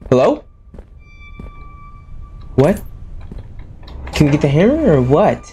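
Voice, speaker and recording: A man's voice: a little high, sing-song, slow pace, warm tone, faint music behind. A man who is a gaming YouTuber gives jumpy, exclaiming commentary full of casual slang while playing a horror game.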